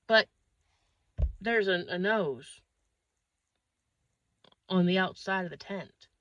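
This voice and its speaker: Woman from pennsylvania telling a raunchy funny story, big exaggerated delivery, mid pitch. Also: slow pace, dry recording, lo-fi sound. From northeastern Pennsylvania. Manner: animated, crude, exaggerated delivery. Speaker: comedian. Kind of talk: comic storytelling.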